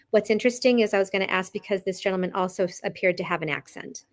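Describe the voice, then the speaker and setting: A woman's voice: medium pitch, quick pace. A woman co-hosting a live psychic reading, describing impressions tentatively with many fillers. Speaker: intuitive co-host.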